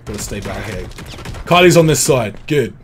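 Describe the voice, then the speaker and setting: A man's voice: mid-range voice, animated, moderate pace, slight background noise. A British man hosting a game livestream, chatting casually, reading out viewer messages and joking at his own expense. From Britain. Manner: chatty, self-deprecating, reads out chat messages. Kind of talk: casual gameplay commentary.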